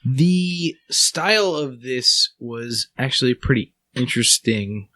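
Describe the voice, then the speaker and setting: A man's voice: mid-range voice, lively intonation, slow pace, sharp tone, no room sound. Man, podcast co-host, hesitant, groping for words, dry close sound. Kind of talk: casual movie review chat.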